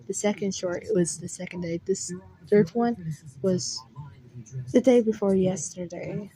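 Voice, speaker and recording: A woman's voice: medium pitch, a little slow, warm tone, low-quality recording. A young woman telling a rambling, emotional story about her dreams, full of "like" and restarts. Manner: rambling, heavy use of "like", frequent restarts. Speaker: vlogger. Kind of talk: casual storytelling.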